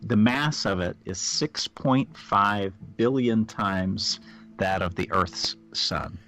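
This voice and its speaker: A man co-hosting a casual podcast, easygoing and halting as he explains things. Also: fairly low pitch, sharp tone, faint music behind. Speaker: podcast co-host.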